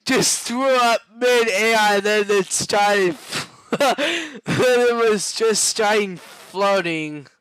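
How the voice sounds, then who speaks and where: A man in a casual chat who giggles throughout and trips over his words, repeating himself before each question. He talks very slowly in a high, bright voice. The recording is dry and close. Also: clean tone, no room sound, low-quality recording. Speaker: person chatting with an AI chatbot.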